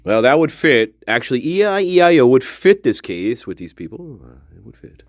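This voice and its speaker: A man's voice: medium pitch, sing-song, normal speed, no echo, clean studio sound. A man hosting a livestream, rambling casually with profanity and frequent laughter. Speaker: livestream host.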